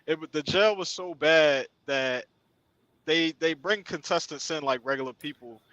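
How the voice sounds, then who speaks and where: A man's voice: on the high side, unhurried, sharp tone, dry recording, poor audio. Laid-back man on a podcast, dry sound. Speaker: podcast co-host. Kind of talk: casual chat.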